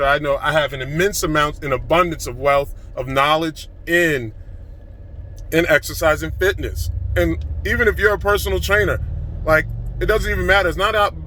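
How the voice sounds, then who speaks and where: Fired-up man ranting to his phone. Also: fairly high pitch. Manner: excited, fast-flowing, emphatic. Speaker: vlogger. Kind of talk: impassioned motivational rant.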